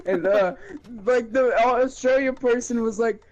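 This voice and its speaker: A young man telling a game story in casual chat, animated, laughing and swearing. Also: very high voice, unhurried, creaky, rough recording.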